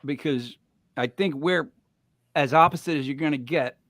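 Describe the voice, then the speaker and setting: A man with a Rhode Island accent, co-hosting a podcast and telling stories in an animated, casual way. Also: on the high side, moderate pace, no echo. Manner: animated storyteller, mimics voices. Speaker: podcast co-host. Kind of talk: casual chat.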